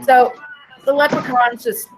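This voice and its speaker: A woman's voice: sits high, flat delivery, unhurried, background noise. Crude, playful woman telling a joke. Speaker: host. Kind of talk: casual podcast chat, joke telling.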